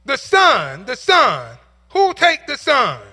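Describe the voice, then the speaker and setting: A man's voice: very high voice, huge pitch swings, takes it slowly, pushed and bright, big-room sound, voice pushed up, full character voice. A male preacher voicing a persistent auctioneer who keeps insistently calling for bids.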